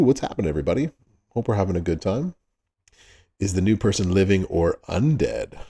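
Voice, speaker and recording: A man with a deep, gravelly voice chats loosely through a livestream, calling out viewers by name and chuckling between greetings. His tone is dark and mellow, and he talks at an unhurried pace. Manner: laid-back, greets chat by name, laughs often. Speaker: livestream host.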